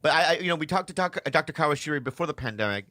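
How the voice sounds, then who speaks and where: A man's voice: a little high, lively intonation, sharp tone, dry recording, clean studio sound. A man in his forties co-hosting a comedy podcast, rambling through joking stories. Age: 40s. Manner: rambling, joking, drawn-out storytelling. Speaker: podcast co-host. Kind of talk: comedic casual chat.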